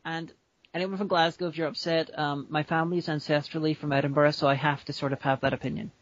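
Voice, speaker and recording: Chatty man, higher pitch, dry mic. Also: level tone, dry recording, dull audio. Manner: rambling, quick to put on silly voices. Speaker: podcast co-host. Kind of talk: casual chat.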